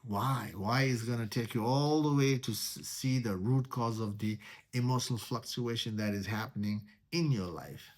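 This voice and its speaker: A man teaching meditation in a spiritual talk. He speaks deliberately, repeats key words, and poses rhetorical questions. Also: mid-range voice.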